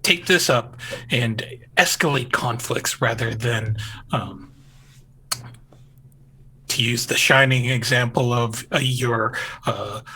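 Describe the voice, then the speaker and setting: A man's voice: mid-range voice, sharp tone, slightly rough, full character voice, low-quality recording. A man voicing an idealistic male activist who talks hesitantly, with many fillers, in a tabletop game.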